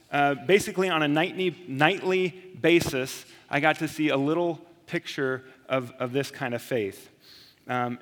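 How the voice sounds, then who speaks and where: A man in his thirties delivers a sermon in an earnest, reflective way, slowing down and dropping his voice to land each point. His tone is bright and forward. The sound carries the long reverb of a large church sanctuary. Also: mid-range voice. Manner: reflective, earnest preaching with slow emphatic pauses. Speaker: pastor.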